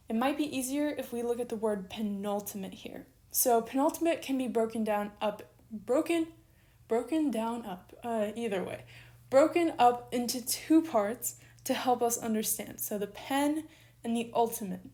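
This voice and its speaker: A woman teaches a recorded online lesson in a slightly high voice. She moves at a patient pace and slows down to spell out letters one by one. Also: warm tone.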